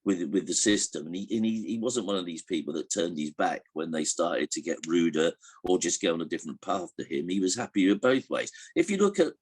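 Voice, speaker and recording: Older man, low husky voice, rambling anecdotal interview answers. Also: animated, brisk, few pauses. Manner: hesitant, many restarts, chuckles while telling jokes. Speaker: interviewee recalling a comedian.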